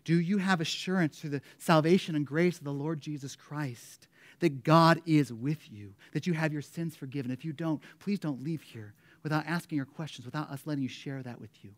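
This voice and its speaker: A male pastor preaching a sermon, swinging between loud, emphatic declarations and a hushed, quiet prayer. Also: on the high side, normal speed.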